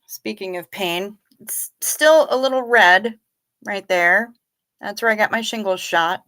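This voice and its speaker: A woman's voice: mid-range voice, unhurried, fairly bright tone. A middle-aged woman hosting a livestream, chatting casually with dry, sardonic asides as she reads out viewer comments. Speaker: livestream host reading chat. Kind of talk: casual chat.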